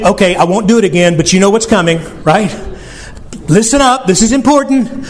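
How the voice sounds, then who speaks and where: High-voiced man preaching emphatically. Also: expressive, brisk. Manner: emphatic, direct address with rhetorical questions. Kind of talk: sermon with closing prayer.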